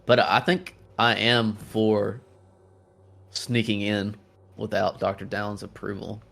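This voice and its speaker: A man's voice: lowish voice, flat delivery, takes it slowly, vocal fry, fairly bright tone. A man chatting casually as a player in a tabletop role-playing game, easygoing and planning moves.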